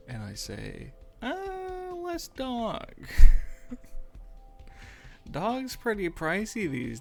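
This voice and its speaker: A man chatting on a live stream while he animates, his voice gravelly with fry. He talks slowly and rambles into self-mocking jokes, with faint music playing behind him. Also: on the low side. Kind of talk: casual livestream chat while animating. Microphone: streaming microphone.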